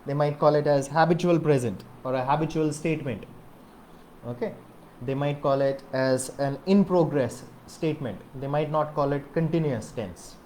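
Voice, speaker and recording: Male English tutor, Malayalam first language, slightly high voice, explanatory, faint background noise. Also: moderate pace, darkish tone. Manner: explains with repeated okays and rhetorical questions. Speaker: English teacher. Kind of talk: grammar lesson to camera.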